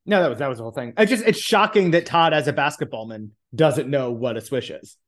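A man's voice: mid-range voice, lively intonation, fast, fairly bright tone. A man co-hosting a podcast, making wry remarks and reading book passages aloud. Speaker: podcast co-host. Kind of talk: casual comedic book discussion.

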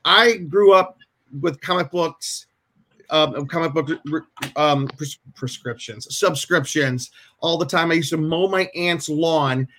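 Slow and sharp-toned, with a fairly high voice, a man hosts a podcast over a video call, with a little hiss or hum present. He chats casually from a home room with shelves, telling rambling stories that he keeps restarting.

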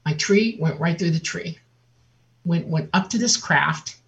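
A woman guest on an interview, telling a personal story in a lively way and acting out the voices of other people. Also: fairly low pitch, a little slow. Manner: vivid, laughs often, acts out quotes. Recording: dull lo-fi audio.

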